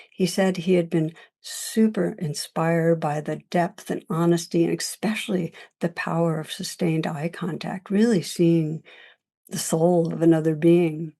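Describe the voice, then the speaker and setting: Soft-spoken woman giving a dharma talk. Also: lowish voice, vocal fry. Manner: gentle, reflective, laughs often. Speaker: meditation teacher.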